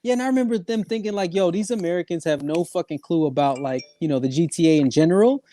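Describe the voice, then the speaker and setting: Podcast co-host, slang, laid-back profane storyteller, warm dark voice. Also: mid-range voice, fast. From Canada. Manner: slangy, profane, laughing, repeats "bro". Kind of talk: casual chat, storytelling.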